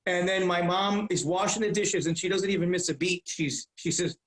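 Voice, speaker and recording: Middle-aged male podcast guest, high-pitched, lively storyteller, roomy echo. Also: moderate pace. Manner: animated, profane, repeats himself. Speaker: guest, comedian. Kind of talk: casual storytelling.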